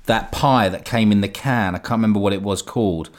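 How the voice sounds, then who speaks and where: A man's voice: on the low side, a little fast. A man co-hosting a podcast, rambling nostalgically in casual chat. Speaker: podcast co-host.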